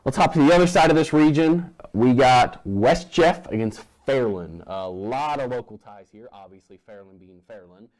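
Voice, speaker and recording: A man's voice: mid-range voice, animated, moderate pace, few pauses, a little mellow, poor audio. Male host, casual sports talk, confident game picks. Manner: rattles off matchups and confident picks.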